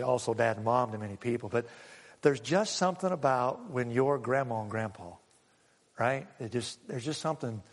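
A middle-aged man, a pastor preaching a sermon in a church and telling a story with feeling, going loud and then hushed. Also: a little high. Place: church sanctuary. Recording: long hall reverb.

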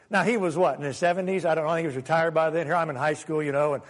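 A man preaching a sermon as a pastor, animated, sometimes acting out the voices he quotes. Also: fairly high pitch, quick pace, few pauses. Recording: long hall reverb.

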